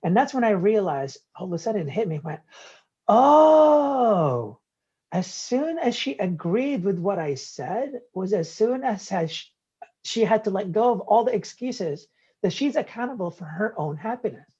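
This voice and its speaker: Male interview guest, storyteller who acts out both sides of a talk; husky tone, muffled lo-fi audio. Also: high voice, moderate pace. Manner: animated, acts out quoted dialogue. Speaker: guest entrepreneur.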